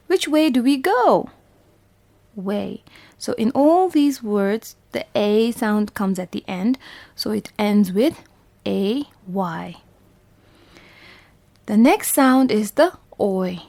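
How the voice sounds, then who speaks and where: Woman from Bhutan, phonics teacher for small children, very slow, patient, sounds out letters, dry close sound. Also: medium pitch, gravelly, a little mellow, no room sound. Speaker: primary school English teacher. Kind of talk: phonics lesson for young children.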